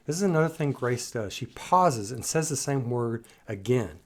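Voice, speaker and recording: A man's voice: mid-range voice, expressive, moderate pace, hardly any pauses, darkish tone. A man hosting a music reaction, talking in casual commentary and restarting and repeating words as he muses. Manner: musing, restarts and repeats words while analyzing.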